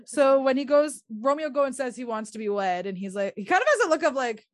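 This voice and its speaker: A woman's voice: sits high, animated, fast talker, dry recording, studio quality. A woman co-hosting a podcast in casual chat, chatty and enthusiastic, laughing easily. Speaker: podcast co-host.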